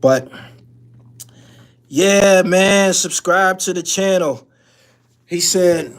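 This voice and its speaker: A man's voice: sits high, slow pace, long pauses. A man hosting a live-stream call-in show, talking bluntly and profanely in a loose, rambling way with frequent restarts.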